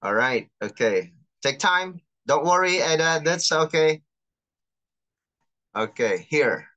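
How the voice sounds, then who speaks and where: A chaplain teaching an online class, patiently explaining and reading out terms slowly over a video call. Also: medium pitch, lively intonation, pushed and bright, highs cut off. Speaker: chaplain and lecturer.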